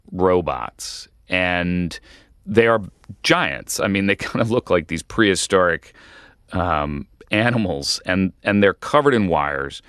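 Brief: very low-voiced male journalist, measured explainer, dry studio sound. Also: fairly bright tone, no room sound. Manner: measured, explanatory, with occasional restarts. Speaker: journalist, interview guest. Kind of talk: radio interview.

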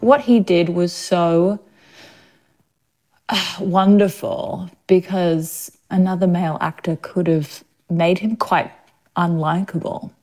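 A woman's voice: on the low side, fairly even intonation, slow, darkish tone, soft background music. An Australian woman, an actress, chatting casually in an interview, full of fillers and laughter. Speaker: actor guest.

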